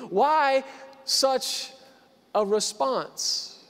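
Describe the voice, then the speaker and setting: A man in his thirties preaching a sermon, repeating phrases for emphasis and swinging from quiet to loud. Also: high-pitched, slow pace, long pauses. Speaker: pastor. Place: church hall. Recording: long reverb of a large hall.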